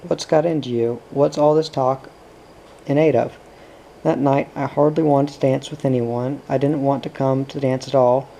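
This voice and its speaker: A man's voice: medium pitch, fairly even intonation, moderate pace, gravelly, dark tone, a little hiss or hum, lightly acted, low-quality recording. A man doing a cocky, evasive young man. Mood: defensive. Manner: offhand, defensive.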